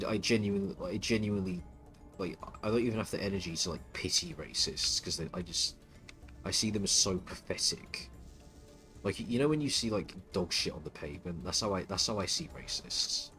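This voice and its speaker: A man's voice: deep voice, moderate pace, sharp tone, soft background music. Scornful, stammering male streamer ranting. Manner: contemptuous, stuttering restarts, swearing.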